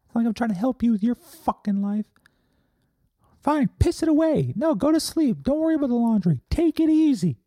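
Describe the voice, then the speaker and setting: Man putting on a shrill, preachy, guilt-tripping talking number, loud and whiny. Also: sing-song, a little fast, no room sound, studio quality. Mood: sulky. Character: the number forty-four as a nagging, sulky pest.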